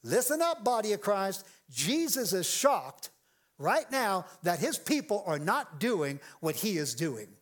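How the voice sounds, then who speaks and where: A man pastor preaching a lively sermon to a church congregation, acting out quoted voices and joking with the crowd. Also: high-pitched, unhurried.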